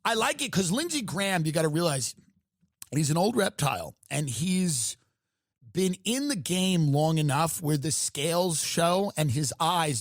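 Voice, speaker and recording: A man hosting a comedy podcast, ranting in an animated, sarcastic and profane way. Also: on the high side, no echo, clean studio sound. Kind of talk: comedic rant.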